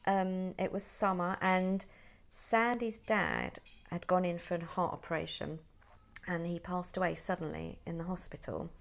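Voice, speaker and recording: A woman's voice: on the low side, a little slow, vocal fry. A woman who is a podcast guest, vividly retelling a personal story and acting out the people in it. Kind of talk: personal conversation.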